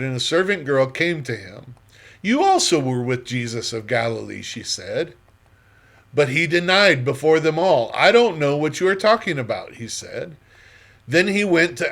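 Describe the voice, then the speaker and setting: A man leading a Bible study, reading scripture aloud and then explaining it point by point, with frequent pauses and fillers. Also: medium pitch.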